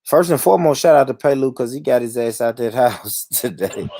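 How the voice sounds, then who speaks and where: A man's voice: mid-range voice, lively intonation, a little fast, dark tone, no room sound, studio quality. A man hosting a livestream, ranting in a heated, profane, repetitive way. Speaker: livestream host.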